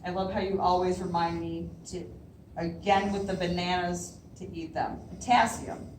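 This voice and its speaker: Her voice sits on the low side with a darkish tone, fairly even intonation, and a normal pace as she reads her own poems at a library event. Nervous, she laughs often between lines. The hall is roomy, she's recorded from afar, and slight background noise is present.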